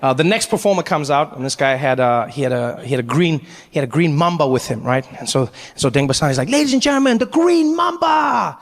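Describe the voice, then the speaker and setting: A man doing stand-up storytelling, animated, acting out voices and laughing through his lines. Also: mid-range voice, quick pace, few pauses, long reverb tail. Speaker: stand-up comedian.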